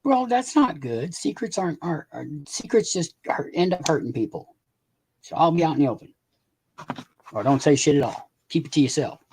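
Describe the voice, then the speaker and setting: A man's voice: fairly high pitch, animated, fairly quick, darkish tone, breathy edge. A man chatting casually on a live stream, rambling, repeating words and swearing offhandedly. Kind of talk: casual chat.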